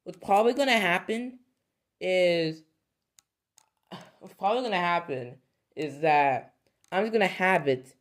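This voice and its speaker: A woman's voice: on the low side, measured pace, pauses often. A woman vlogger talking casually to her viewers, rambling and correcting herself, laughing often. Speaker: video creator. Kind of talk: casual talk to camera.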